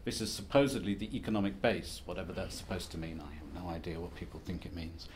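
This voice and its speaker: A man's voice: deep voice, quick pace, a little mellow, slight background noise. Wry male academic giving a talk. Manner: self-deprecating, wry, conversational lecturing with restarts. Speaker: academic speaker. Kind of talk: conference presentation.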